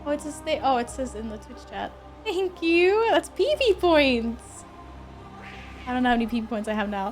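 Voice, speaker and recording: A woman with a bright, high voice streams a game and talks straight to her chat. She is chatty and expressive, laughs easily, and keeps thanking supporters, with faint game music playing underneath. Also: normal speed. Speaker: livestreamer. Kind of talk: casual live-stream chat with viewers.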